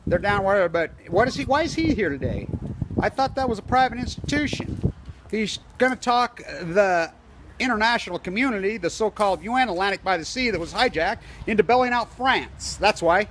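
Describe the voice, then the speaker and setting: A man's voice: sits high, animated, a little fast, background noise. Agitated man ranting at a street protest. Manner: agitated, conspiratorial, tells stories with quoted dialogue. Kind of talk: self-filmed protest vlog, rambling commentary. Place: outdoors on a street outside an office building. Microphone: handheld camera.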